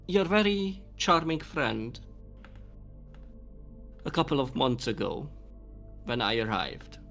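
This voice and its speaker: A man's voice: mid-range voice, big pitch swings, takes it slowly, creaky, a bit bright, faint music behind, exaggerated voice. A man voicing a polite American vampire stunt woman in a tabletop game, speaking hesitantly.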